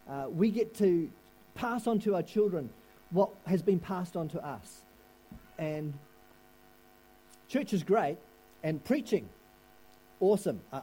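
Male pastor, mellow tone, a bit higher, hesitant sermon opener. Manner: halting, many restarts and fillers. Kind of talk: sermon opening.

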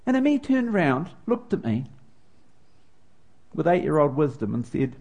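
A man's voice: a little high, very animated, measured pace, creaky, a little mellow, lo-fi sound. A middle-aged man from New Zealand with a New Zealand accent, preaching a sermon and telling a personal story with growing feeling. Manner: personal storytelling with rising emotion.

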